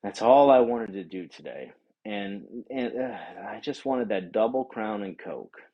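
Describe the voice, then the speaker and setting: A man telling a profane, animated rant about a bad day out, acting out the other people in the story. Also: lowish voice, measured pace, muffled recording. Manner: animated, swears a lot, acts out voices of others. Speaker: vlogger.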